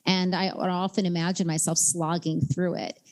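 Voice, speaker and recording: Low, mellow-voiced woman from New York. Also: flat delivery. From New York, USA. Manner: earnest, candid, speaks in rapid bursts with frequent "like" fillers. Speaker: guest author. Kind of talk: reflective interview conversation.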